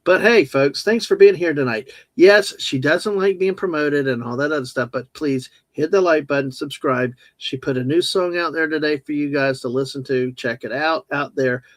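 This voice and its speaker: A jokey man co-hosting a livestream from home, rambling along and reading chat aloud. His voice sits a little high for a man, and the sound is dry and close, with no room around it. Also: normal speed, few pauses, dry recording. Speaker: livestream co-host.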